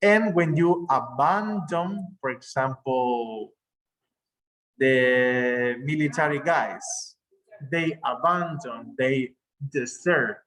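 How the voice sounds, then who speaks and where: A man's voice: medium pitch, lively intonation, a bit bright, rough recording. A male English teacher, explaining words patiently with examples over a video call. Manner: slow, explaining patiently with examples and self-corrections. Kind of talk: online class lesson.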